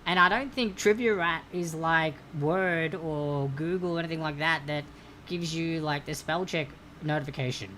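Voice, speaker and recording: A woman's voice: low-pitched, moderate pace, a bit bright, slight background noise. A woman hosting a live-streamed trivia quiz, chatty and playful, laughing often and reading questions to players.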